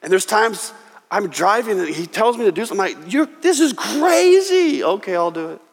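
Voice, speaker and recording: Animated male pastor in a reverberant hall. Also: high voice, quick pace. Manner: animated storytelling, acting out quoted voices. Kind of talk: sermon.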